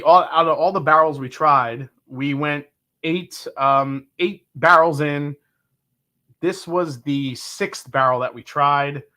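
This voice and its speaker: A man's voice: mid-range voice, sharp tone. A middle-aged man hosting a casual livestream tasting, talking enthusiastically and rambling as he reads viewers' comments aloud. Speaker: livestream whiskey reviewer.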